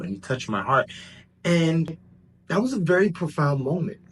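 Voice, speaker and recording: A man telling a personal story in a casual, animated way, jumping between excited bursts and hushed asides. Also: medium pitch, moderate pace, a little hiss or hum. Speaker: vlogger.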